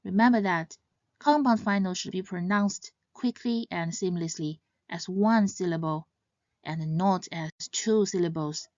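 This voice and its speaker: A woman teaching Mandarin pronunciation in scripted narration, saying each example syllable louder and higher. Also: a little slow, no echo. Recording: slightly dull, dry sound.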